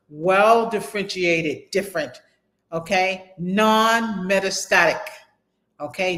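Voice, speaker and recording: High-voiced man teaching a terminology class. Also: a bit bright. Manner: reads textbook aloud, repeats and spells key terms slowly; chatty, addresses students directly with "y'all". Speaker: medical terminology instructor. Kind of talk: casual online class lecture.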